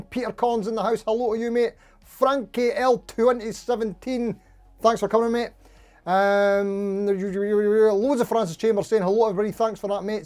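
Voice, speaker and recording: Man, livestream host, high voice, chatty, greets viewers by name, faint music behind. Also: a little mellow. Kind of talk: casual live-stream chat.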